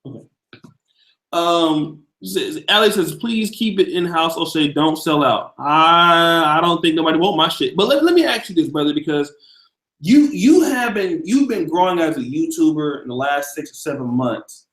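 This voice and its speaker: A man's voice: a little high, expressive, moderate pace, fairly bright tone, echoey room, low-quality recording. A man hosting a live stream in a loose, profane, casual way, hyping up his audience. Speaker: livestream host.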